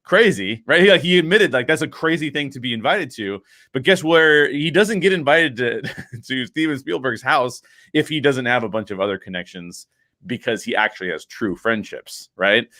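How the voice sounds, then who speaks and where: A man co-hosting a podcast about storytelling, chatting casually and telling anecdotes with quick bursts and frequent laughs. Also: mid-range voice, animated, pushed and bright, no echo, studio quality. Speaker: podcast co-host. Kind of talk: casual chat.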